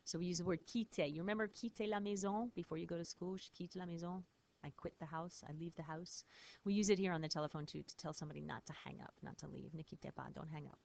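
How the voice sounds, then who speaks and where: A woman teacher explains French phrases patiently in a recorded lesson. Her voice sits fairly low, and she spells words out letter by letter. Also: steady tone, fast talker, creaky, a little mellow, muffled recording.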